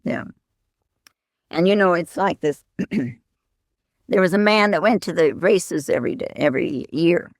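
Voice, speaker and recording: A woman's voice: lowish voice, creaky, no room sound, studio quality. A woman Zen teacher giving a dharma talk in a reflective manner, with questioning asides.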